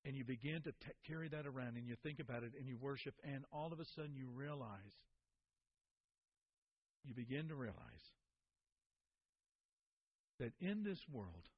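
A man's voice: mid-range voice, expressive, normal speed, pauses often, muffled recording, slight background noise. A man preaching a sermon, telling stories in an earnest way and repeating words for emphasis.

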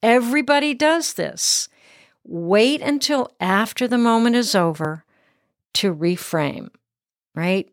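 A woman's voice: medium pitch, no room sound, studio quality. A middle-aged woman hosting a parenting show, giving earnest, emphatic advice and checking in with "right?". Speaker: parenting podcast host. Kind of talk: instructive monologue.

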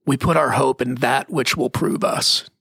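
Man, middle-aged, gravelly, husky, emphatic preachy delivery, dry close sound. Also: medium pitch, steady tone, fairly bright tone, no room sound. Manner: emphatic, preachy, drops into slow stressed phrases. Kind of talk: conversational Christian teaching.

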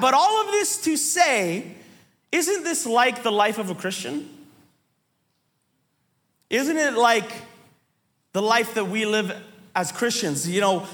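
A man preaching a sermon, telling a funny hiking story in an animated way. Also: very high voice, in a large hall. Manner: animated storytelling, voices quoted people.

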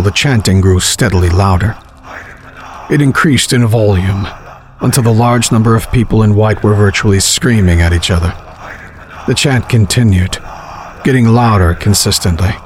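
A man narrating a horror story in a measured, grim storytelling manner. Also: on the low side, a little hiss or hum.

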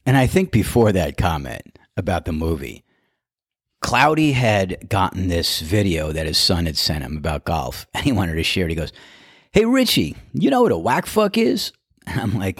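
A man's voice: deep voice, expressive, normal speed, husky, no echo, studio quality. A man hosting a podcast, casually telling anecdotes and laughing often as he goes. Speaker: podcast host. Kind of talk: casual storytelling monologue.

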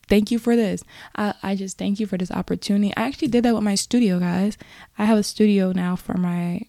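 Mellow-voiced woman giving an earnest pep talk. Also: medium pitch, no echo, clean studio sound. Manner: earnest, encouraging, rambling asides. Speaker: podcast host. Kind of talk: casual motivational talk.

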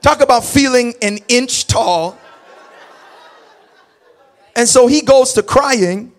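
A middle-aged man preaching, telling a story in a dramatic, animated way that swings between quiet asides and loud bursts. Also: extremely high pitch, takes it slowly, a faint crowd. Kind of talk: sermon storytelling.

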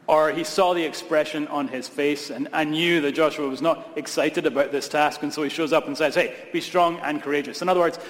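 A man from Scotland, a pastor preaching a sermon with emphatic, repeated phrases and humorous asides. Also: a little high. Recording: long reverb of a large hall.

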